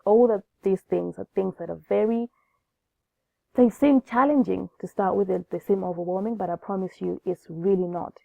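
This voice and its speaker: Sounding groggy from a cold, a woman teaches an online business class as host of a webinar, chatting casually and often restarting her phrases. Her voice is medium-pitched and gravelly at a normal speed, and the dry recording has a tinny, phone-like quality.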